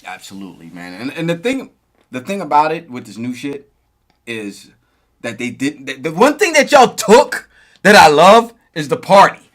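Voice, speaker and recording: A man's voice: on the high side, big pitch swings, normal speed, a bit bright. A middle-aged man co-hosting a casual hip hop talk show, rambling with frequent restarts, laughs and "you know what I mean". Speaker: podcast co-host.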